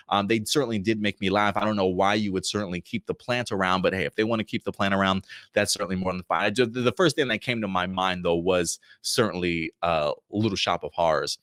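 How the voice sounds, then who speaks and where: Enthusiastic low-voiced man reviewing. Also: a bit bright, dry recording, studio quality. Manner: enthusiastic, rambling, with many restarts. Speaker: show host reviewing TV episodes. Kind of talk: casual review talk.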